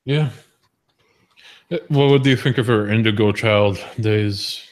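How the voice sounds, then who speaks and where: A man with a low voice hosts a casual live stream. He talks loosely, laughing often, doubling up on words and swearing freely as he goes. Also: a little slow. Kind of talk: casual political chat.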